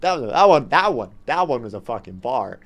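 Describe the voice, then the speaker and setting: A man hosting a livestream and improvising spoken word poetry, musing softly and then suddenly loud, laughing at himself and chatting to viewers between lines. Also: mid-range voice, big pitch swings, fairly quick, dry recording. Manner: free-associating, musing, soft and intimate, then suddenly loud. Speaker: livestream host.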